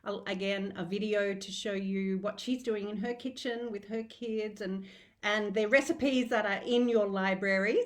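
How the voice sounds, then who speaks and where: Middle-aged woman, Australian accent, heartfelt and encouraging, casual live host, rambling. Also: medium pitch. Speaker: host of a diet group. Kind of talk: casual live video talk.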